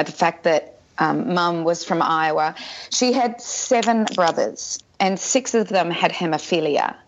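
A woman's voice: lowish voice, muffled recording. A woman from Australia with an Australian accent, a guest telling her story in an interview. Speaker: guest, documentary maker. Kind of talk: interview answers.

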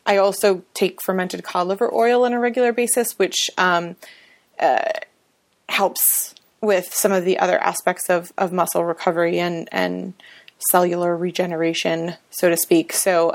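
A woman co-hosting a podcast in casual chat, explaining things at length with frequent ums. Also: fairly low pitch. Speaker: podcast co-host.

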